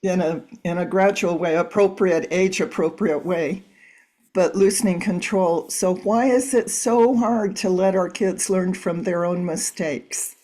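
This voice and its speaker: A middle-aged woman hosts an interview, reading out a guest introduction and moving through prepared questions. Her voice is a little low for a woman. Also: a little slow, warm tone. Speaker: host. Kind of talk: interview hosting.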